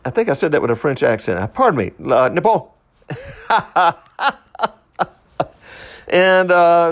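Gravelly man rambling on a podcast. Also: lively intonation, normal speed, long pauses. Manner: rambling, with frequent fillers and self-interruptions; swings between loud high bursts and low quiet asides. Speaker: podcast host. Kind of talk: rambling solo podcast monologue.

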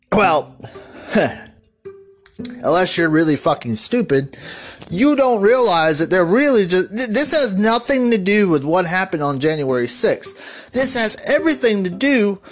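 Angry, swearing man ranting. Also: high-pitched. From United States. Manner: angry, swearing constantly, shouting at listeners. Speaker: podcast host. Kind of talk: profane political rant.

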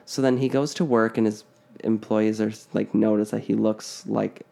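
A man with a low, gravelly voice tells a spooky story in a loose, casual way. His dark, mellow tone is peppered with "like" and "uh" as he goes. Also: moderate pace. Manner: relaxed, filler-heavy, frequent "like".

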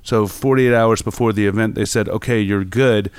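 A man's voice: lowish voice, fairly even intonation, moderate pace, clean tone, no room sound. A man, a photographer guest, telling rambling anecdotes in casual conversation with many fillers. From New York. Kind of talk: casual storytelling interview.

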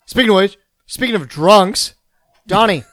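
A man's voice: sits high, lively intonation, normal speed, fairly bright tone, no room sound, studio quality. A man hosting a casual chat among friends, teasing and joking as he leads the talk. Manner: teasing, jokey. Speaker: podcast host.

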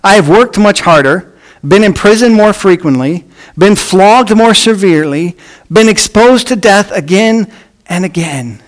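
Male pastor with a high-pitched voice preaching a sermon, moving between emphatic and hushed delivery. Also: animated, measured pace. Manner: reads scripture aloud with emphasis.

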